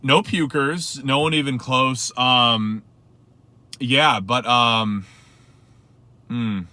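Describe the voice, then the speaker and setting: Bright-voiced young man telling a story. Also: medium pitch, fairly even intonation, extremely slow, no room sound. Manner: rambling, lots of fillers and quoted asides. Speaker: rideshare driver vlogger. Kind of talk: casual storytelling to camera.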